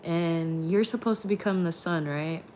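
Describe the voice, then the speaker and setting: A woman's voice: fairly low pitch, moderate pace, darkish tone, highs cut off, slight background noise. A woman hosting a late-night car ride vlog, rambling in casual chat and swearing freely. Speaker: streamer and vlog host.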